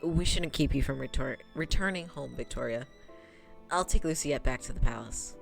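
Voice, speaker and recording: A woman's voice: a bass voice, moderate pace, creaky, soft background music, pitched below the performer's own voice, full character voice. A woman reading the lines of a cold, stern young male prince in a visual novel, in a clipped manner. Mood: curt.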